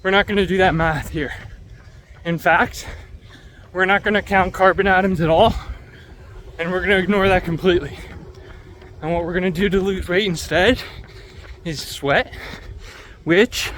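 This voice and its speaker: A man's voice: high-pitched, steady tone, moderate pace, fairly bright tone, a little hiss or hum. A man out of breath, chatting and joking to a camera he carries while running outdoors in the heat. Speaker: running vlogger. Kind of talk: casual vlog commentary while running. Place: outdoors on city streets in the heat.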